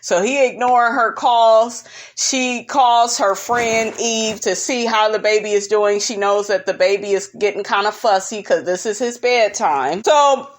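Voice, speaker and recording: A woman recapping a reality show in casual, sassy commentary, full of "honey" and big swoops of pitch for emphasis. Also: a little slow. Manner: sassy and animated, constantly saying "honey".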